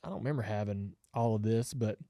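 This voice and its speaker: Man in his fifties, podcast co-host, animated storyteller, dry close mic. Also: fairly low pitch, fast talker, no room sound. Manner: animated storyteller, laughs often. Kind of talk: casual storytelling chat.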